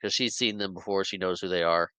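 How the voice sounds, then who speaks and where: Male podcast co-host, lower voice, bright tone, animated movie recap on a dry mic. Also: fast, clear, resonant tone, no echo, poor audio. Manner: animated retelling, acts out character lines with laughs. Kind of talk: casual movie recap chat.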